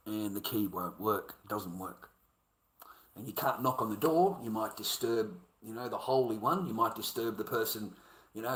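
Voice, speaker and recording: Australian male streamer, mid-pitched, angry sweary monologue, roomy echo. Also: a bit bright. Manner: heated, profane, repeats himself. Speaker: livestreamer. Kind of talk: angry livestream rant.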